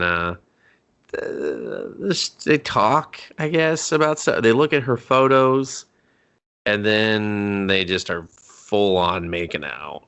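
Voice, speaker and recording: Male podcast co-host, low and gravelly, profane joking plot recap. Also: fairly bright tone. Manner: profane, jokey, recapping the plot with put-on quotes. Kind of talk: casual movie recap chat.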